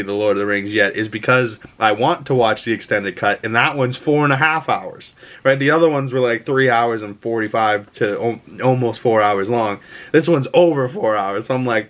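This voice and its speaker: A man giving a casual, chatty movie review, relaxed and profane. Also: medium pitch. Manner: laid-back, chatty, swears and laughs often.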